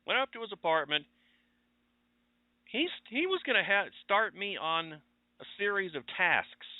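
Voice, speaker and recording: A man's voice: high-pitched, big pitch swings, a little slow, dry recording. A radio show host chatting casually and telling rambling stories about his week. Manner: rambling, conversational storytelling. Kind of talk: casual chat monologue. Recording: tinny phone-line audio.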